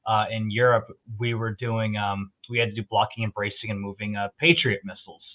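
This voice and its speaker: A man talking in a casual chat, telling profane, animated stories. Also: on the low side, brisk. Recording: tinny phone-like line.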